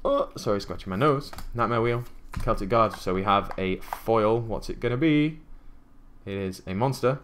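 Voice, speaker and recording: A man's voice: lowish voice, fairly bright tone, slight background noise. A young man chatting casually as he opens card packs, musing aloud with many ums and uhs. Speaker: card-opening YouTuber. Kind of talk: casual unboxing commentary.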